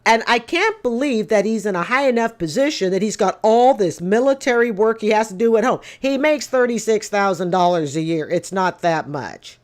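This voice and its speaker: A woman's voice: mid-range voice, lively intonation, normal speed, few pauses. A woman in her fifties giving casual, opinionated commentary, blunt and emphatic, repeating her points to drive them home. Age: 50s. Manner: lecturing, addresses people directly. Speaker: commentator reacting to call-in show clips.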